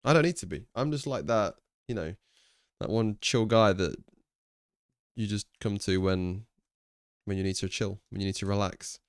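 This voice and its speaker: A man's voice: lowish voice, normal speed, pauses often, smooth, no room sound, studio quality. A young English man streaming live, chatting casually with viewers, thinking aloud and swearing now and then. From England.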